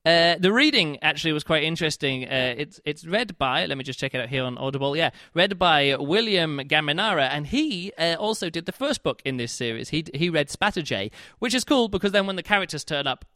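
A man's voice: fairly high pitch, animated, brisk, sharp tone, dry recording, clean studio sound. A man giving a casual spoken book review, chatty and rambling, with many fillers and restarts.

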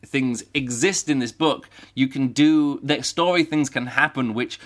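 A man hosting a casual solo book podcast, rambling with lots of fillers and bursting into animated exclamations. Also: medium pitch, measured pace. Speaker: podcast host reviewing a book.

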